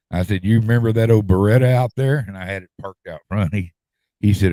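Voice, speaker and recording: A mellow, fairly low-pitched man talks briskly as he spins a long, rambling tale in a folksy drawl, often repeating himself. He's a middle-aged podcast host in casual storytelling mode, recorded with no room sound.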